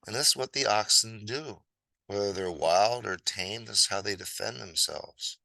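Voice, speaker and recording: A man casually telling a fable while sketching, rambling and playful with chatty asides. His voice is fairly low but bright and forceful, heard close and dry. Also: moderate pace, gravelly, no room sound, low-quality recording. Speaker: storyteller.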